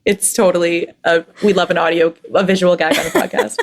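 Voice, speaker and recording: A woman's voice: fairly low pitch, fairly even intonation, brisk. A woman co-hosting a podcast, asking questions in an upbeat, giggly way. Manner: upbeat, giggly, warm interviewer. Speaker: podcast co-host. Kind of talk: casual interview chat.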